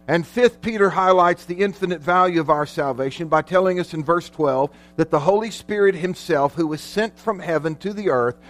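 Emphatic preaching man, fairly high voice. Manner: emphatic preaching with dramatic slowdowns and loud peaks. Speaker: pastor. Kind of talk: sermon.

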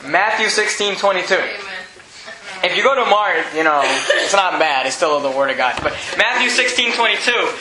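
A man's voice: high-pitched, animated, normal speed, crowd noise. A man preaching a casual, conversational sermon, paraphrasing scripture and often repeating himself. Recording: echoey room with faint noise.

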